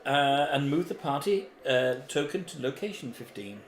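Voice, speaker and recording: A man's voice: on the high side, lively intonation, moderate pace, crowd noise. A man co-hosting a board game playthrough, chatty, reading rules and story text aloud. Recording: echoey room with faint background noise.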